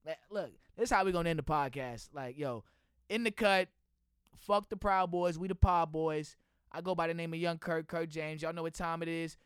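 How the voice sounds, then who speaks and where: Young Texan man, high bright voice, loud animated sports-podcast rants, dry close mic. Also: normal speed, clean tone, dry recording. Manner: loud, animated ranting with laughter. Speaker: podcast host. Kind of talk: casual sports podcast chat. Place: indoor room with friends.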